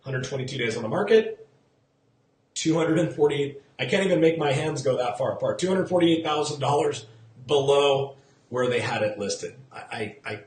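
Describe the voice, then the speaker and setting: A man talks through the local housing market on a live stream, chatty and engaging, pausing to greet viewers and quiz them. His voice sits at an ordinary middle pitch, with a roomy echo around it. He repeats key numbers for emphasis. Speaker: real estate agent hosting a live show. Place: outdoors in the sun.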